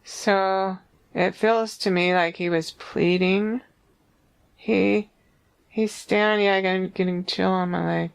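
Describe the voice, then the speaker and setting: A psychic medium giving a reading, describing visions in a halting, searching way full of restarts. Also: medium pitch, steady tone, vocal fry, clear, resonant tone.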